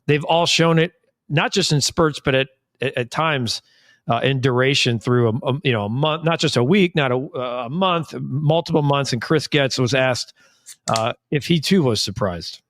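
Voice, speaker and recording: A man hosting a sports podcast who steers the conversation in a measured way. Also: medium pitch, fairly bright tone, no echo, clean studio sound. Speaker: podcast host. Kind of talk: casual sports chat.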